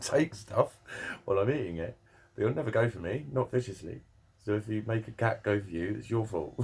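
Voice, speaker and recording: Sweary, rambling man, low voice. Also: breathy edge. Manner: rambling, sweary, laughs often. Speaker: vlogger. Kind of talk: casual chat to camera.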